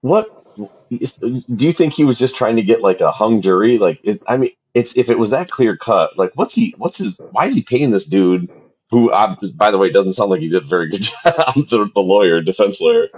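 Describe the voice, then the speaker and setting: A man's voice: lowish voice, animated, normal speed, darkish tone, husky, dull audio. A man co-hosting a podcast, reacting and asking questions in casual chat. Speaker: podcast co-host.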